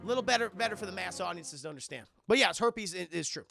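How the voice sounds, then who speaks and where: A man streaming a casual, profane film recap, rambling and acting out scenes in quick voices. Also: high-pitched, lively intonation, gravelly, bright, forceful tone, faint music behind.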